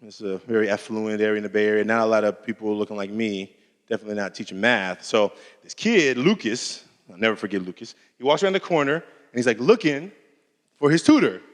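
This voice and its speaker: A man's voice: fairly low pitch, fairly quick. A man giving a keynote talk, telling a personal story in a casual, conversational way and acting out the dialogue. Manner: animated, acts out dialogue in different voices. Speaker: keynote speaker. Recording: long hall reverb.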